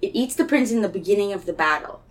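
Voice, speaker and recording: A woman in a casual chat, brainstorming a story in an animated way and acting out bits of it. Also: mid-range voice, quick pace. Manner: animated, acts out lines with laughter.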